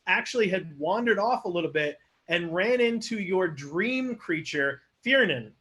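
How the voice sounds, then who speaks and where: A man hosting an online improv comedy show, narrating the scene in an animated storytelling manner. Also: high-pitched, a little slow.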